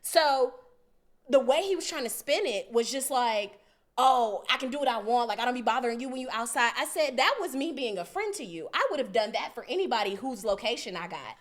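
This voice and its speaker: A woman's voice: fairly high pitch, animated, fairly quick. A woman co-hosting a podcast, telling a story in a casual, profane way and acting out both sides of the argument. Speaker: podcast co-host.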